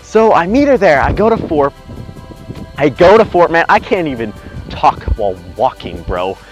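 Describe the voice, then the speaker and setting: A man's voice: on the high side, big pitch swings, normal speed, highs cut off. Young man, vlogger, rambling blunt storytelling, swearing, outdoor walk, windy camera audio, music underneath. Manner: rambling, blunt, swears freely, acts out quoted lines. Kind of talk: casual storytelling while walking. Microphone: handheld camera.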